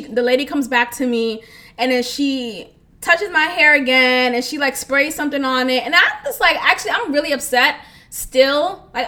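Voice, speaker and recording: Young woman, podcast host, high-pitched, bright sharp voice, casual storytelling, animated, laughs a lot, swears.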